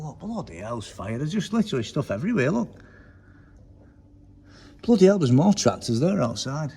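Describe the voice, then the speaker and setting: A man's voice: medium pitch, darkish tone, a little hiss or hum. A man from England casually touring a tractor museum, reading out labels and swearing freely as he chats. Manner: chatty, swears freely, reads labels aloud. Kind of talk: casual walk-around commentary. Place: indoor museum hall. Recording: reverberant hall with faint ambience.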